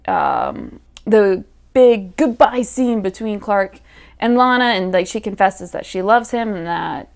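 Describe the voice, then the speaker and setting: A medium-pitched woman hosts a reaction channel, recapping an episode in casual, chatty commentary. She uses plenty of fillers and throws in quoted asides directed at the characters.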